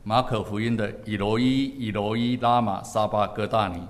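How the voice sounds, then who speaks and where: A man preaching a sermon in short, measured phrases, pausing so his words can be interpreted. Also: lowish voice, fairly even intonation, in a large hall. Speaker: pastor.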